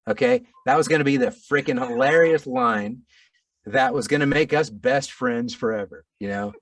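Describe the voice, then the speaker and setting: A middle-aged man, an audiobook narrator, telling a story in a casual interview, animated and self-deprecating with frequent restarts. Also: mid-range voice, moderate pace, no echo, recorded from a distance.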